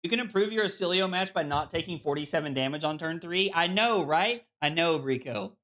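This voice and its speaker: A man's voice: a little high, animated, fairly quick, a bit bright. A man streaming a card game, chatting casually with viewers and reading their messages aloud, with lots of fillers. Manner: chatty, full of "like" fillers, reads chat aloud.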